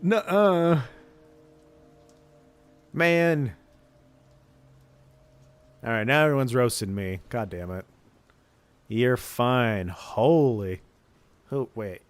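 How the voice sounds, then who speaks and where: A man's voice: lowish voice, slow, pauses often. A man streaming casually, bantering with his chat and joking at his own expense.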